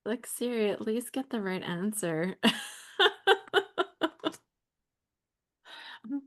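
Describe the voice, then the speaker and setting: A woman with a Western Canadian accent co-hosting a live crafting stream, chatty and quick to laugh. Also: fairly high pitch, very animated, fairly bright tone. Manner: giggly, chatty, laughs often. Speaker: co-host of a live scrapbooking stream. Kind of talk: casual chat.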